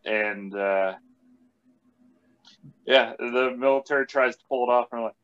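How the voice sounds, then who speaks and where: A man in a casual podcast chat, talking in a halting, hesitant way with many restarts. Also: medium pitch, fairly bright tone, smooth. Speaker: podcast regular. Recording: dull lo-fi sound.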